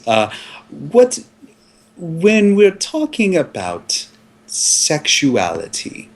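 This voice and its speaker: A man playing a pompous film psychoanalyst in an improvised comedy sketch, lecturing solemnly with many halting fillers. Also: a little high, heavily acted. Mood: grandiose. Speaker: mock film scholar.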